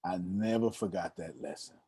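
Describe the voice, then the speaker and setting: A man in his thirties, a motivational speaker telling stories to an audience, animated and addressing the listeners directly with a teasing tone. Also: deep voice, normal speed, husky. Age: 30s. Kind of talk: storytelling talk to an audience.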